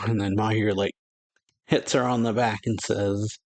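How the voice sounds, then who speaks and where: A man's voice: fairly low pitch, little pitch movement, moderate pace. Casual man recapping a manga chapter. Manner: loose storytelling with many "like" fillers. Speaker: reaction channel host.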